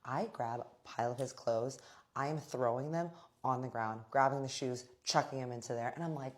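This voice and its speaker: A woman with a strikingly deep, low voice hosts a storytime vlog. She recounts her tale vividly and bluntly, with casual swearing and a chatty y'all to her viewers. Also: moderate pace.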